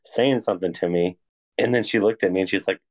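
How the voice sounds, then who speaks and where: A man's voice: low-pitched, quick pace. A young man co-hosting a podcast, laid-back and laughing a lot as he chats. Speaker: podcast co-host. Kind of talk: casual chat.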